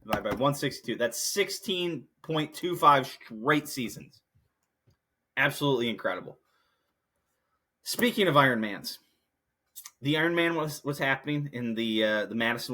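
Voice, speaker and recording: Bright-voiced profane male podcast host. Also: mid-range voice. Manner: profane, rambling, heated when ranting. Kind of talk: casual sports podcast rant.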